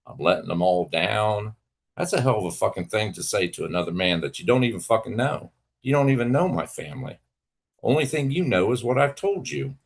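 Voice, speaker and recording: A fairly low-pitched man speaks into a livestream mic. He rants at a rival in a heated, profane, sarcastic way. His outbursts jump high and loud, then drop to low mutters. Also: expressive, brisk, gravelly, husky. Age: adult with children. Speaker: livestream host. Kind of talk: angry rant to a rival.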